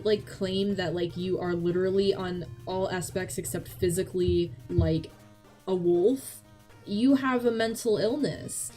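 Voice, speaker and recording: A woman's voice: mid-range voice, dark tone. A woman talking casually and bluntly, swearing and rambling with restarts, on a chat stream. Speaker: vtuber co-host. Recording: faint background music.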